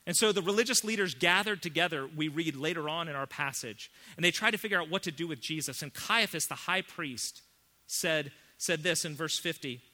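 Bright-voiced man preaching. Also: on the high side, a little fast. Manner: emphatic preaching with wide swings from hushed to loud. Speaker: pastor. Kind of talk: sermon.

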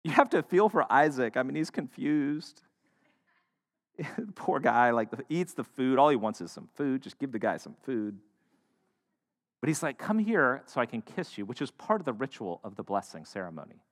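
Animated man preaching in an echoey hall. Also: medium pitch, normal speed. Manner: animated, joking storyteller. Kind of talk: sermon.

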